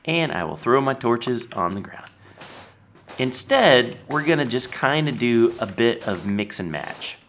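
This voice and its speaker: A man chats his way through a game build, slow and unhurried. His pitch swings up and down all the time, and keyboard typing clicks behind him. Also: a little hiss or hum. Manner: chatty, lively, talks while building. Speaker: Minecraft let's player. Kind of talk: casual gameplay commentary.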